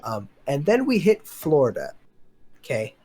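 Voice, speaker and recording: A man's voice: fairly high pitch, wildly swooping pitch, unhurried, mellow, slightly rough. A young man co-hosting a podcast over a voice call, rambling through frank opinions in a laid-back, casual way. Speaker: podcast co-host. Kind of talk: casual chat. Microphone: remote voice call.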